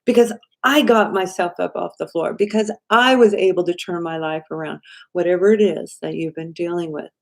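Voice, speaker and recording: A woman hosting a live stream as an intuitive card reader, talking straight to her viewers in an animated way and often adding "right?". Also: fairly low pitch, moderate pace, creaky. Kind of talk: live-stream tarot reading.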